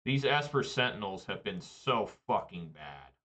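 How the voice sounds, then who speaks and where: Bright-voiced, profane, ranting gamer man. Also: on the low side, sing-song, unhurried. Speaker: online card game player. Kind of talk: live gameplay commentary.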